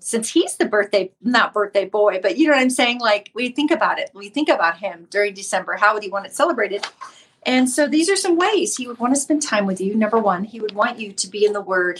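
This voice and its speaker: A woman's voice: medium pitch, fairly bright tone, breathy edge. A middle-aged woman hosting a casual Christian livestream, teaching in a conversational way and greeting viewers by name. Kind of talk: casual devotional talk.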